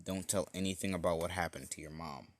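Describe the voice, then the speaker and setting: A man's voice: low voice, a little fast, no room sound, close to an everyday voice. A man voicing a male alien symbiote creature who mentors a boy, in a casual, offhand fan-story voice. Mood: calm, explaining.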